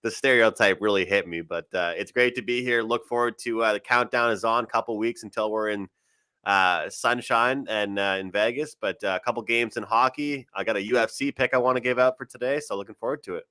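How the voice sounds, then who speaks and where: An upbeat Canadian man with a Canadian accent chats as a podcast guest. His voice sounds bright and forceful, and he laughs easily as he talks. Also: on the low side, brisk, clear, resonant tone. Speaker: guest sports handicapper. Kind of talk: casual podcast chat.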